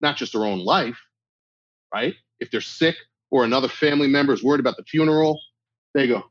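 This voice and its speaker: A middle-aged man speaks bluntly in a tough-love manner, his husky voice swinging widely in pitch. The recording is dry and somewhat dull, like lo-fi audio. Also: very animated, a little fast, dry recording. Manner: blunt, emphatic tough-love delivery, acts out quoted exchanges. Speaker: guest speaker. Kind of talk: conversational interview talk.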